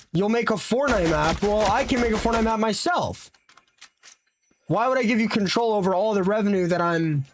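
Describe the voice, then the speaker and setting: A young man in casual live-stream chat as a streamer, ranting animatedly with rhetorical questions and tired after a long session. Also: high voice.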